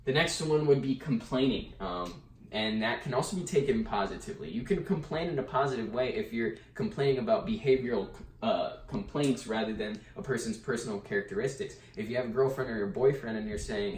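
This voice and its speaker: A man's voice: mid-range voice, fairly quick, darkish tone, slight background noise. Man explaining a chapter in an echoey room. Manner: casual, with fillers and restarts. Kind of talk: chapter summary lecture. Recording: echoey room, mic at a distance.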